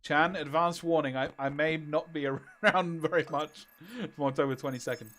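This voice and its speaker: Excitable man on a stream. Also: fairly high pitch, moderate pace. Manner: excitable, exclaiming. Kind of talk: live reaction stream.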